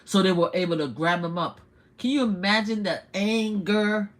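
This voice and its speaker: Older female live-stream host with a New York accent, blunt and animated, mid-range pitch. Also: moderate pace. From United States. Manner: animated, blunt, rhetorical questions. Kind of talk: casual political commentary.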